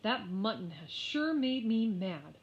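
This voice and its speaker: A woman with a medium-pitched, sing-song voice takes things slowly as she plays an exasperated young schoolgirl who daydreams and keeps losing her temper. The delivery is whiny, with frustrated outbursts, and the recording sounds slightly muffled and lo-fi.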